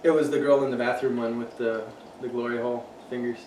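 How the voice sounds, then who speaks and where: A man's voice: medium pitch, little pitch movement, fast talker. A man, casually chatting and swearing freely as a podcast co-host. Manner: loose, profane storytelling. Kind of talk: casual chat. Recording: roomy room, distant mic, faint hum.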